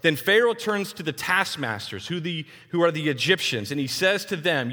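A man's voice: on the high side, moderate pace, few pauses. A man in his forties from Texas, preaching a sermon and telling personal stories, acting out the voices of the people in them. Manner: animated storyteller who acts out other people's voices. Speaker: pastor. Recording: long hall reverb.

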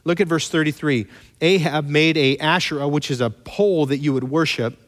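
A man preaches, retelling scripture with animated storytelling, joking asides and quick mock voices. His voice sits fairly high, and a long hall reverb trails behind his words. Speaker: pastor. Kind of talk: sermon.

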